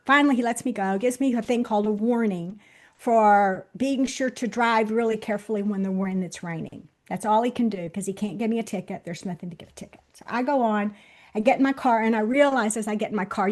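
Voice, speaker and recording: A woman in her sixties, a guest on the show, telling a personal story straight to viewers, swinging between loud bursts and hushed moments. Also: on the high side, fast talker. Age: 60s. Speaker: interview guest.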